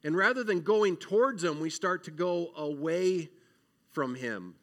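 A man giving an earnest, emotional children's sermon, acting out prayers and shifting between loud pleading and quiet reflection. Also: on the high side, lively intonation, a little slow. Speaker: children's minister.

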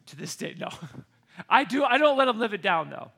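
A man from Michigan telling a personal story to an audience in a lively way, often checking in with listeners by asking "okay?" or "right?". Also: very high voice, a little fast, creaky. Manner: addresses listeners directly with frequent "okay?" and "right?".

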